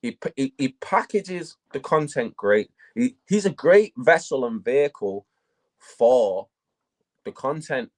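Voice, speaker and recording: A man, a battle rapper, telling stories in a casual interview, profane and animated. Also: mid-range voice, unhurried.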